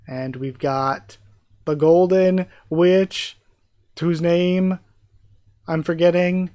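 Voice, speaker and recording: A man reading a manga aloud and reacting live, with excitable, gushing comments. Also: a little high, drawn-out words, pauses often, no room sound.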